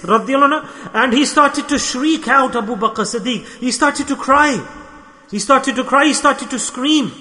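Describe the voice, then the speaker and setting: High-voiced fervent preacher in a hall. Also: male voice, sharp tone. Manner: fervent, storytelling, repetitive exclamations. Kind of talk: sermon. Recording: echoey hall reverb.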